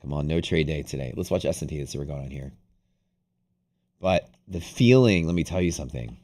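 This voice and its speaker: A man's voice: a bass voice, expressive, fairly quick, a little mellow. A man hosting a live trading stream, chatting casually in a rambling, profane way with lots of restarts. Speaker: day trading livestream host. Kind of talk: casual livestream chat.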